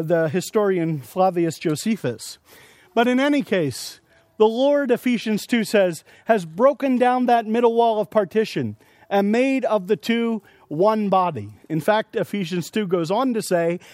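A man's voice: high-pitched, darkish tone, no echo, studio quality. A man preaching a sermon at a conference, earnestly explaining scripture with everyday examples. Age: adult with young children. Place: conference session.

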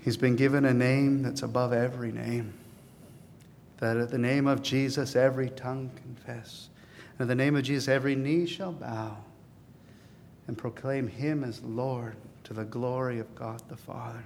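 A man's voice: mid-range voice, steady tone, moderate pace, a little hiss or hum. Earnest male pastor preaching in a hall. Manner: earnest, building to emphatic peaks then dropping soft. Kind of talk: sermon.

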